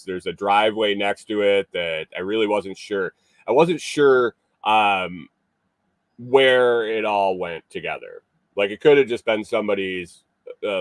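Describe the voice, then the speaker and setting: A man's voice: on the low side, no echo. A man hosting a morning show, telling a casual story in a rambling way with many fillers and restarts.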